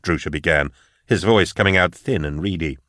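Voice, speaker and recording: A man narrates an audiobook with a deep, low voice. His reading is measured and even. The recording is close and dry, with no room sound. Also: no echo.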